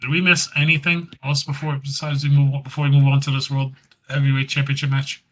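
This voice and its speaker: A man's voice: mid-range voice, little pitch movement, quick pace, fairly bright tone, poor audio. A man co-hosting a podcast, casually recapping wrestling, rambling and laughing as he acts out what was said. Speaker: podcast co-host.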